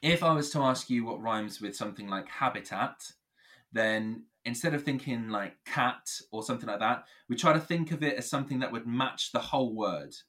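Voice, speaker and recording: A man from England talks through how rap rhymes work in an easy conversational way. He is animated and playful and laughs easily. His voice sits at a middling pitch. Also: normal speed. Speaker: rapper explaining rhyme. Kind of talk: conversational explanation.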